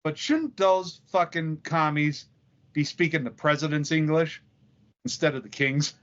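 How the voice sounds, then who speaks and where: A man's voice: on the high side, unhurried, fairly bright tone. A man co-hosting a podcast in casual chat, joking, swearing and telling anecdotes. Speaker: podcast co-host. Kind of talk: casual profane banter. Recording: dull lo-fi recording.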